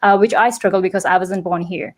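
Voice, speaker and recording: Fast-talking woman, mixed British-American accent. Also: mid-range voice, level tone. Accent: mixed British and North American, non-native. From Dubai. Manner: fast, rambling, many fillers and restarts. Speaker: guest. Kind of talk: casual advice interview.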